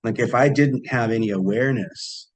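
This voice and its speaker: A man's voice: mid-range voice, moderate pace. Guy on a podcast telling a story, laid back, voices the quotes. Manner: relaxed, acts out quoted dialogue. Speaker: podcast guest, psychic healer. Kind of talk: casual storytelling.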